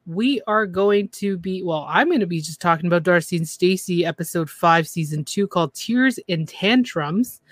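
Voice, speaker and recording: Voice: medium pitch, dry recording. Chatty podcast host, dry sound. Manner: chatty, lively, mimics cast members mockingly. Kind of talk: casual reality TV recap.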